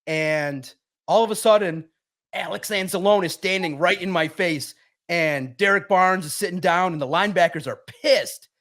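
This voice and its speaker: A high-energy man, a sports writer guest, telling a lively story and acting out the voices in it. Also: moderate pace. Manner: high-energy, acts out quotes loudly. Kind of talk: animated storytelling.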